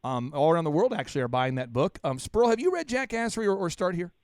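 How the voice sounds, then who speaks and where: Animated, high-pitched male podcast host. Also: fast talker, no echo, studio quality. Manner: animated, blunt, teasing. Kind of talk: lively podcast chat.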